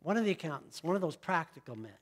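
Middle-aged guy preaching, high voice, chatty storytelling with lots of asides to the room. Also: sing-song, fast talker. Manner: storytelling, conversational asides to the congregation. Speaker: pastor. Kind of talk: sermon.

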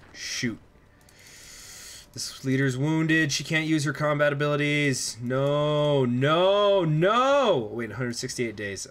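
A man's voice: medium pitch, fairly bright tone. A young man streaming a strategy game live, chatting in a rambling way and reacting aloud to what happens on screen.

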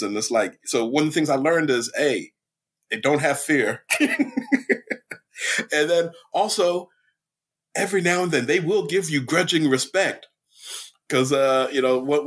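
A man, an author and middle school teacher, telling animated stories as a podcast guest, laughing often and mimicking his students. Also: a little high, slightly rough. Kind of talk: casual storytelling interview.

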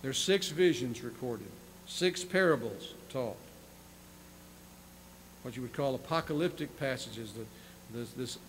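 A man's voice: mid-range voice, low-quality recording. Male pastor, mid-range voice, sermon delivery, reads scripture then comments, slight hum in the recording. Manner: reads scripture aloud, then explains in plain asides; repeats words and restarts phrases. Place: church sanctuary.

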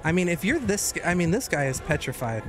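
A man giving joking, excitable commentary while streaming gameplay, often breaking into high shouts. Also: brisk, over music. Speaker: gaming streamer.

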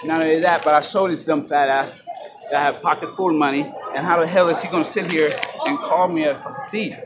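A man's voice: on the high side, steady tone. A man filming himself on a phone in a large store, heated and profane in an angry confrontation. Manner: heated, profane, fast-talking. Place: large retail store indoors. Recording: loud store noise behind. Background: store ambience.

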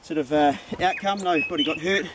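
A man's voice: on the high side, a little fast, background noise. An older man with a New Zealand accent, chatting casually while hunting outdoors with his dogs. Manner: laid-back, chatty, bursts into loud praise for his dogs. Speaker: pig hunter and channel host. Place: outdoors in hill bush country.

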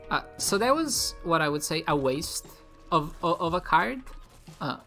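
Low, gravelly woman rambling through gameplay. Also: big pitch swings, a little slow, fairly bright tone. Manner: chatty, rambling, giggly, self-deprecating. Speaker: gaming video creator. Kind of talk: casual let's-play commentary. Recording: faint music behind.

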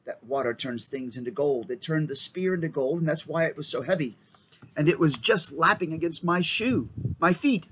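Man voicing a quick-thinking storybook schoolboy, emphatic, commanding, lively pitch. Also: slight background noise. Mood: urgent.

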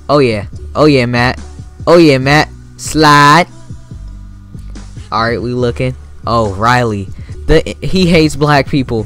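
A young man giving casual, excitable commentary over his own video game match, swearing freely and bursting into sudden yells. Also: mid-range voice, takes it slowly, pauses often, soft background music. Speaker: gaming YouTuber.

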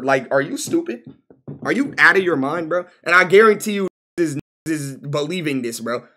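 A man's voice: a little high, slightly rough. A man streaming live, reacting to posts in loose, profane, exclaiming talk, with bro at the end of nearly every line. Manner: animated, exclaiming, profane, says bro constantly.

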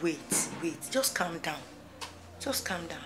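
An actress with a Nigerian accent playing an older mother who coaxes and calms her distraught daughter in a gospel film. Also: on the low side, unhurried. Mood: soothing. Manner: soothing, coaxing, insistent.

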